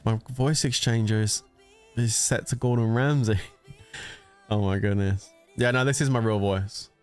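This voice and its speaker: A man's voice: on the low side, fairly even intonation, unhurried, smooth, faint music behind. Chatty man streaming a game. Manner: chatty and jokey, often laughing. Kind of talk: casual gameplay commentary.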